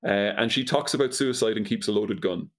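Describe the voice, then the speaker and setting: Speaking a little fast in a fairly low voice, a podcast co-host goes through a movie's story. His telling is dry and disbelieving, with plenty of laughs in a casual, joking conversation.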